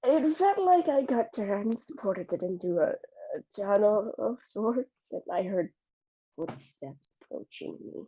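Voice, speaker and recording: A woman's voice: mid-range voice, lively intonation, dark tone, husky, highs cut off. A woman voicing a shaken male adventurer in a tabletop game, recounting hesitantly in her own voice. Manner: halting, hesitant in-character recounting.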